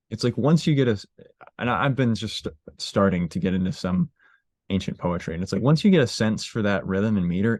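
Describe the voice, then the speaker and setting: A man with a low voice, hosting a casual interview. He talks in a relaxed, chatty way and thinks out loud with plenty of fillers. The recording is dry and close. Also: no echo. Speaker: interviewer, host.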